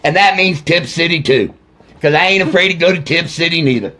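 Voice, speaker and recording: A man's voice: on the high side, a little fast, bright, forceful tone. A man, a grieving father, in an angry direct-to-camera video rant, accusing officials and swearing with heavy repetition. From Ohio.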